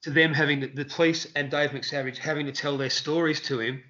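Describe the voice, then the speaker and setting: Animated male street performer, lo-fi. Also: fairly quick. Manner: animated storyteller, acts out quotes in high shouts. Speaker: interview guest, street performer. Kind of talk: casual storytelling interview.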